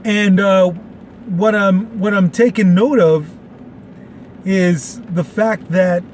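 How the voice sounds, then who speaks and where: A man's voice: high-pitched, fairly even intonation, slow, darkish tone, a little hiss or hum. A man in his late forties from Texas, hosting a casual opinion show in a rambling, folksy way with many fillers. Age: 40s. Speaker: podcast host.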